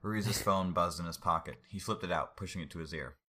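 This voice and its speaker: A man reading a story aloud in an unhurried way, with asides about the text. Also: sits low, sharp tone.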